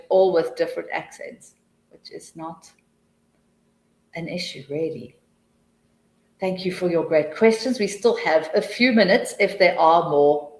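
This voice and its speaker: A woman's voice: lowish voice, darkish tone. A woman presenting a teaching webinar, answering questions in a chatty, enthusiastic way with rambling explanations and restarts. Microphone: video call. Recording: echoey room.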